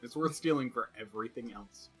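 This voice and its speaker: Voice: medium pitch, fairly quick, husky, soft background music. A guest co-host chatting casually about tabletop games, hesitant, with restarts and short agreements. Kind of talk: casual chat.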